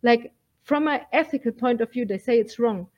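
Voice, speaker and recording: A woman's voice: a little high, normal speed, dull audio. A woman guest in an interview, talking earnestly and emphatically, with many fillers. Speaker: guest, militia fighter.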